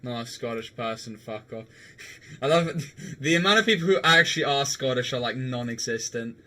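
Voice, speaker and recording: Bright-voiced young man streaming casually. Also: medium pitch, animated, moderate pace. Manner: chatty, laughs often, swears casually. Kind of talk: casual live-stream chat.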